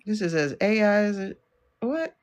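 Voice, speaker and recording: Woman streamer, AAVE, incredulous running commentary, voice swings high and low. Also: sing-song, normal speed. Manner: incredulous, talks back at the screen. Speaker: livestream host. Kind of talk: casual livestream commentary.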